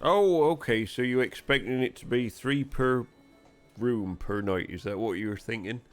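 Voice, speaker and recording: A man's voice: medium pitch, moderate pace, clean tone, soft background music, close to an everyday voice. A man doing a blunt Yorkshire innkeeper. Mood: matter-of-fact. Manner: blunt, haggling, teasing. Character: blunt Yorkshire innkeeper, gruff and money-minded.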